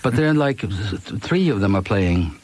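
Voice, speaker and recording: A Swedish man in his fifties, a musician chatting in an interview in a relaxed, joking way with many restarts. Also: on the low side, moderate pace. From Sweden. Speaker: musician guest. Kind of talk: casual interview chat.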